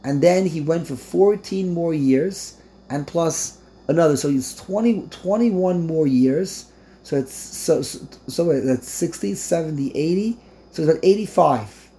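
A man leads a Torah class in a mellow, dark voice. He sprinkles Hebrew and Yiddish terms into his English, stammers over restarts, and breaks into incredulous outbursts. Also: on the high side, animated, unhurried. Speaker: Torah teacher.

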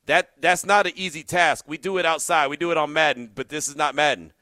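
A man hosts a call-in sports radio show in a studio, and his voice is bright and forceful. He talks with lively energy and gets loud when he's fired up. The sound is dry and close on the mic. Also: on the high side, fairly quick, no room sound. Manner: energetic, animated, shouts when excited.

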